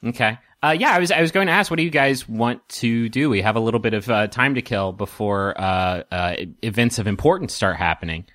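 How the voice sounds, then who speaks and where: A young man running a tabletop game as game master, narrating with many fillers and pauses and laughing often. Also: lowish voice, fairly bright tone, no echo, studio quality.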